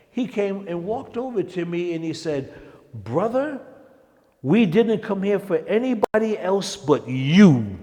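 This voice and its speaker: A man from Harlem, New York, telling his personal testimony as a lively storyteller who acts out the people he quotes and chuckles along. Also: on the high side, in a large hall. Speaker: testimony speaker.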